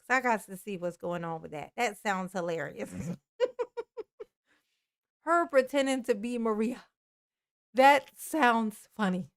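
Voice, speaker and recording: A woman's voice: mid-range voice, clear, resonant tone. A woman hosting a casual livestream sign-off, drawling affectionately, calling herself Mama and laughing often. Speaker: YouTube channel host.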